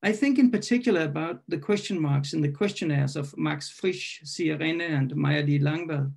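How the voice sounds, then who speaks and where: A man reading his own poem at an online poetry event. He hesitates and corrects himself while introducing it, then reads in a measured, questioning way. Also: a little high, vocal fry, a little mellow. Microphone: video call.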